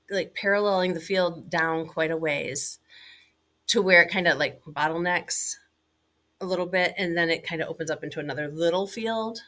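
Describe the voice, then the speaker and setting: A middle-aged woman recounting a hunting trip as an interview guest, animated and full of "like"s and fillers. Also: fairly low pitch. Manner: animated, many fillers and "like"s, laughing now and then. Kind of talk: casual storytelling.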